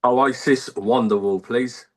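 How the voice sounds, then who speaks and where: A man, an army veteran telling stories in a casual radio interview, halting and rambling with many fillers. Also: mid-range voice, fairly even intonation.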